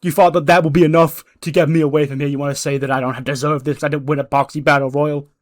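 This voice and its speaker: A man's voice: on the high side, flat delivery, quick pace, dry recording, studio quality, lightly acted. A man voicing a brash male wrestler who boasts and demands his title shot. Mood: defiant. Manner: boastful, defiant.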